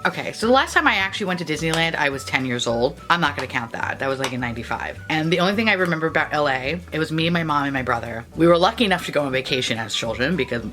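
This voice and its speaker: A woman's voice: low-pitched, lively intonation, racing, hardly any pauses, a bit bright, faint music behind. A woman, chatting in a rambling, profane way while doing her makeup. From New York. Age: 30s. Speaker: beauty vlogger. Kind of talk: casual get-ready-with-me chat.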